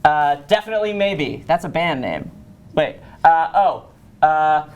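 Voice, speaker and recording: A man co-hosting a talk show, answering a quiz game eagerly with lots of quick yeahs and uhs. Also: on the high side, lively intonation, muffled recording. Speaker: co-host. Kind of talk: casual talk show banter.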